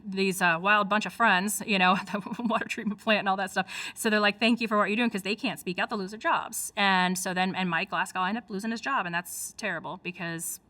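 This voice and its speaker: A middle-aged woman with a Michigan accent, an activist telling her story in a casual interview, animated and full of fillers. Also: mid-range voice, fairly quick, hardly any pauses, no room sound. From United States. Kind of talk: casual spoken recollection.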